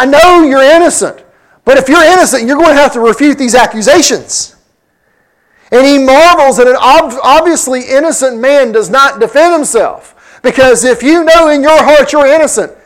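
A man's voice: very high-pitched, rough recording. A man preaching a sermon, teaching from scripture verse by verse and acting out the lines he quotes. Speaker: pastor.

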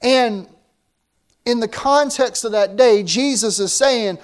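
A man's voice: very high-pitched, takes it slowly. A man preaching a sermon as pastor, in a conversational way that often repeats words.

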